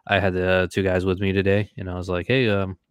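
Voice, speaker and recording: A man co-hosting a casual podcast, telling a fishing story with lively acted-out quotes. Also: sits low, fast, clear, resonant tone, no room sound. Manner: animated storyteller, acts out quotes. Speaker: podcast co-host.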